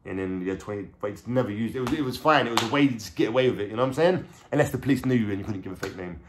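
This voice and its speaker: A vlogger from England with a London accent tells a story from his life in street slang, swearing a lot and often saying "you know what I'm saying." His voice is fairly low and very fast, over a noisy background.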